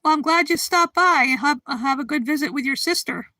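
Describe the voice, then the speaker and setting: A woman's voice: sits high, a little fast, pushed and bright, dry recording. A woman hosting a livestream, chatting casually and greeting viewers by name, giggling often and sounding a bit drowsy. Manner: drowsy, yawning. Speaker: livestream host. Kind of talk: casual chat with live viewers.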